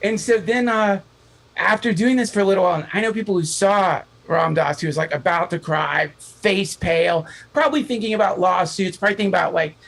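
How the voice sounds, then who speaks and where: A man, a podcast guest, telling a long story in casual chat, animated and profane, acting out the voices of the people in it. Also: sits high, brisk, gravelly, poor audio.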